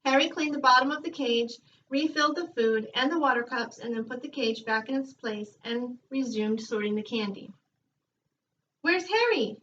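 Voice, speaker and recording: A woman teacher reads a children's book aloud in a calm, measured way, her voice bright and fairly high. She sits some distance from the microphone, and the recording is dull with a faint hiss.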